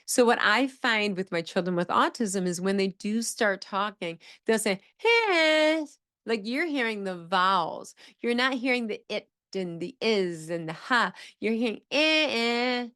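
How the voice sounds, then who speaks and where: A woman's voice: mid-range voice, moderate pace, few pauses, fairly bright tone. A woman speech-language pathologist teaching on a podcast, explaining points step by step and acting out phrases with exaggerated, sing-song intonation. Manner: explanatory, repeats key phrases, says "okay?" to check in.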